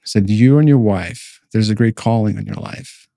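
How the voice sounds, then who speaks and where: A man's voice: fairly low pitch, moderate pace, creaky, mellow, no room sound, studio quality. A man co-hosting a podcast, recounting a personal dream as a testimony in a rambling way, full of fillers and restarts. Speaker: podcast co-host.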